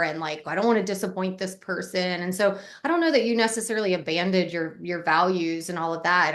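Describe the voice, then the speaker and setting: A woman co-hosting a podcast, answering her friend in a thoughtful, reassuring casual chat. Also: fairly low pitch. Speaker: podcast co-host.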